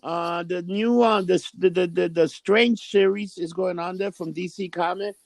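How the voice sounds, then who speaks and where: A man's voice: high voice, steady tone, a little slow, gravelly, no room sound. A man co-hosting a casual podcast, swearing freely and asking questions, with lots of fillers. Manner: casual, profane, asks questions, many fillers. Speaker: podcast co-host.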